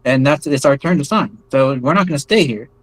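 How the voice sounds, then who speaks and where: A man's voice: mid-range voice, lively intonation, fairly quick, poor audio. A man with an American accent telling a long story as an interview guest, casual and rambling, full of fillers and restarts. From United States. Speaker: interview guest recounting experiences.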